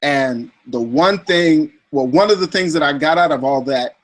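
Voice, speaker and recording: A man hosting an interview, asking long searching questions with halting restarts. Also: on the high side. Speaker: interview host.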